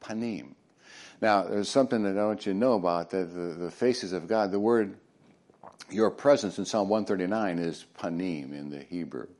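A male pastor preaching in a somewhat low voice. He swings from loud, emphatic lines down to hushed near-whispers. He drops folksy jokes and questions to the congregation along the way. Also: normal speed. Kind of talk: sermon.

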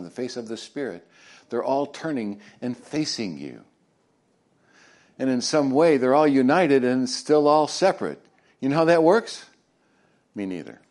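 A male pastor with a medium-pitched voice preaches a sermon, swinging from loud, emphatic lines to hushed near-whispers. He tosses joking asides to the congregation.

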